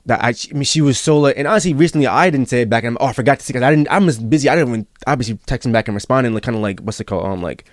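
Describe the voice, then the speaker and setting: A man's voice: medium pitch, rapid-fire, hardly any pauses, no echo, studio quality. A young man hosting a podcast in casual chat, earnest and rambling as he tells a personal story. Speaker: podcast host.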